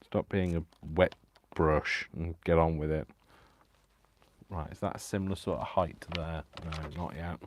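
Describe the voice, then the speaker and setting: A man's voice: extremely low pitch, steady tone, moderate pace, slight background noise. A man chatting casually through a crafting tutorial at home, rambling and self-deprecating and chuckling often. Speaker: craft vlogger. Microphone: wired mic on a tripod setup.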